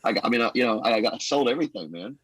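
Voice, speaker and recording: A man, a pastor, telling personal stories in a casual, animated podcast conversation and acting out what others said. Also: medium pitch, very fast, husky, no room sound, low-quality recording. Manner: animated storyteller, acts out quotes. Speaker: guest.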